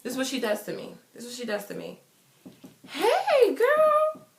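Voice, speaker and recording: A woman's voice: a little high, rapid-fire, creaky. A young adult woman telling a personal story in a vlog, emphatic and repetitive, acting out what others said. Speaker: vlogger. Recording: roomy echo.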